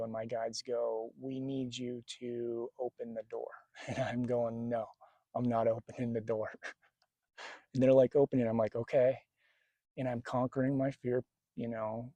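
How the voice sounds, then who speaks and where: Casual male vlogger, gravelly and mellow, flat delivery, rambling storyteller, dry outdoor camera mic. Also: mid-range voice, no room sound. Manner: rambling, animated retelling with quoted dialogue. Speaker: spiritual vlogger. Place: outdoors near a lake.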